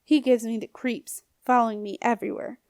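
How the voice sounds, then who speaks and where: A woman's voice: fairly high pitch, fairly even intonation, brisk, a little mellow, dry recording, studio quality, natural voice. A woman reading an audiobook, voicing a nervous, resentful teenage boy who talks in a thin, faltering way. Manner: faltering, timid, then eager.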